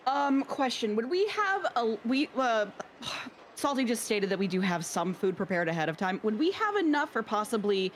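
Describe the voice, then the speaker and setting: A woman's voice: a little high, big pitch swings, moderate pace, slight background noise. A woman playing a tabletop game, talking hesitantly with many fillers. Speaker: player.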